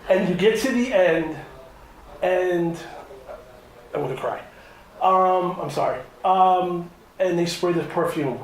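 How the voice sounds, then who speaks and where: A man's voice: high voice, takes it slowly, long pauses. A man interviewing filmmakers in a casual, rambling way, full of restarts and close to tears. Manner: rambling, many restarts, emotional. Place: hotel room at a film festival. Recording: very echoey room.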